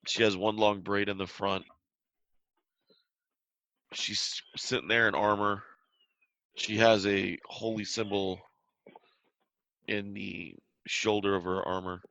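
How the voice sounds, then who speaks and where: A man's voice: fairly low pitch, flat delivery, slow pace, vocal fry, long pauses, bright, forceful tone, no room sound, low-quality recording. A man narrating a tabletop game as game master, describing scenes in a loose style with restarts.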